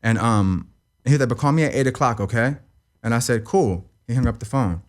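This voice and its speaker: A man's voice: medium pitch, fairly quick. A young man telling a painful personal story as an interview guest. He rambles, repeats himself, swears and keeps asking "you know what I mean.". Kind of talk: emotional personal account in an interview.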